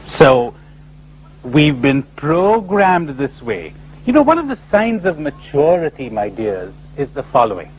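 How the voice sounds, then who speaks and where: Animated man giving a spiritual talk. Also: a little high, unhurried, poor audio. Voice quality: animated, rhetorical, acting out imagined voices. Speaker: speaker at a spiritual retreat conference. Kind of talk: lively spiritual conference talk.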